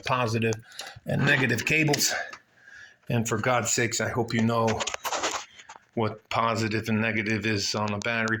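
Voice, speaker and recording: A chatty man rambles through a casual vlog, filming on his phone outdoors beside his car. He swears freely and talks in loose tangents. The audio sounds roomy, with faint background hiss. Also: medium pitch. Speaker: vlogger.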